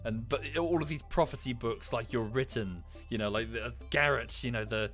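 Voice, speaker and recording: A British man streams a game live, chatting casually in a medium-pitched, slightly bright voice at a moderate pace with hardly any pauses. He rambles enthusiastically and swears freely over soft background music.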